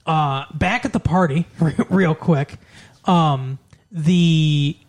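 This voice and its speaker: A man's voice: fairly high pitch, slow. A man co-hosting a casual chat, rambling through a movie plot and loosely acting out the characters' lines. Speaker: podcast co-host.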